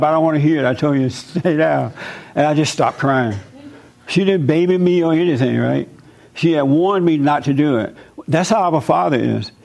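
Brief: male preacher, conversational and folksy, slightly high-pitched voice. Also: darkish tone. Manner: conversational, folksy, with personal stories. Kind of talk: informal sermon.

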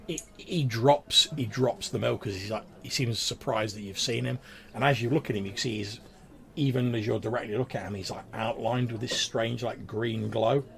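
A man running a tabletop game, speaking in a gravelly, mid-pitched voice. His narration is casual and rambling, full of likes and restarts. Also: normal speed. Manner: casual, rambling, many fillers. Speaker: game master.

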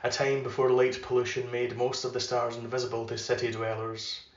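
A man hosting a podcast, giving a measured literary reading and chatting loosely between readings. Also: medium pitch, monotone. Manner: measured, unhurried reading; loose and filler-heavy when chatting. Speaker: podcast host reading aloud. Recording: roomy, slightly dull recording.

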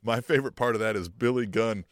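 A man co-hosting a wrestling podcast, chatting playfully and laughing as he acts out loud quotes. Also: fairly low pitch, fast talker, no room sound, clean studio sound. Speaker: podcast co-host. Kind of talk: casual wrestling podcast chat.

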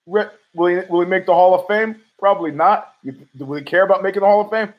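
Guy ranting on his podcast, kinda high voice, swears a lot, argues with himself. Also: quick pace, lo-fi sound. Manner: rambling, profane, argues with himself. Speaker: podcast host. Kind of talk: casual monologue.

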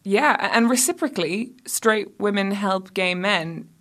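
A woman hosting a podcast interview, chatty and quick to laugh, with lots of casual fillers. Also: mid-range voice, a bit bright. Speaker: podcast host.

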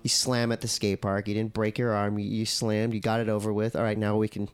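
A man chatting as a podcast guest, animated and acting out his own quoted thoughts. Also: lowish voice, brisk, slight background noise. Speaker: podcast guest, surf commentator and editor. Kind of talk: casual podcast conversation.

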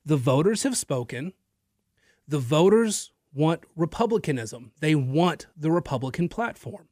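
A slightly mellow male voice on the high side belongs to a radio talk show host delivering an opinionated, emphatic political monologue to his audience. He occasionally uses fillers and repeats words. His studio microphone gives a clean sound without room sound.

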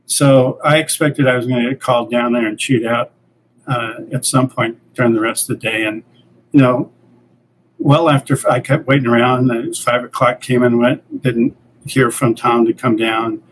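A man's voice: medium pitch, moderate pace, rough recording. Older male interview guest, easygoing storyteller, mid-range voice, faint hiss behind. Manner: relaxed anecdotal, acts out quoted dialogue. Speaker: guest, comics creator and editor.

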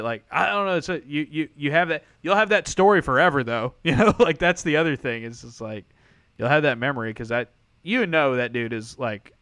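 Rambling, smooth-voiced man on a podcast. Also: mid-range voice, a bit bright, no room sound. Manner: rambling, many fillers and restarts, laughs often. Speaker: podcast co-host. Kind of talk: casual sports chat.

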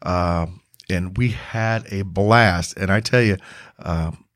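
A man's voice: sits low, slow, a bit bright, dry recording, clean studio sound. A man with a faint Southern accent hosting a casual interview, joking, teasing and heaping praise on his guest. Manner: jokey, teasing, effusive with praise. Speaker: podcast host.

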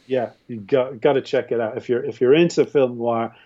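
An Irish filmmaker, a guest on a podcast, talking casually about films in a rambling way with frequent restarts. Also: male voice, mid-range voice, steady tone, moderate pace. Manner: rambling, with many restarts and fillers. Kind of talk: casual film discussion. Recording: dull, muffled audio.

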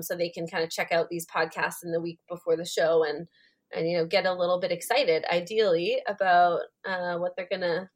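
Relaxed woman hosting. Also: medium pitch. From Canada. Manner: relaxed and reassuring, chatty, laughs easily. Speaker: podcast host. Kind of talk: casual interview chat.

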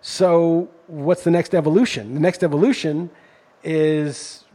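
A man's voice: fairly high pitch, steady tone, unhurried, mellow, slightly rough. A middle-aged man hosting a podcast, telling a story in an indignant, ranting way. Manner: indignant, storytelling, rising intensity when ranting. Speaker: podcast host. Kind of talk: casual podcast chat.

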